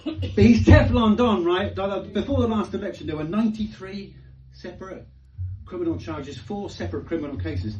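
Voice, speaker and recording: A man in his fifties doing a live stand-up comedy set, telling animated stories with heavy swearing and bursts of shouted impressions. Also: sits high, moderate pace. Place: live comedy venue with audience. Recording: roomy, distant, dull live-club sound with loud crowd laughter.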